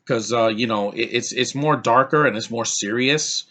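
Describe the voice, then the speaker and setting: A man's voice: mid-range voice, moderate pace, a bit bright. A man casually reviewing films off the cuff, rambling with restarts and blunt opinions. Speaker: film reviewer.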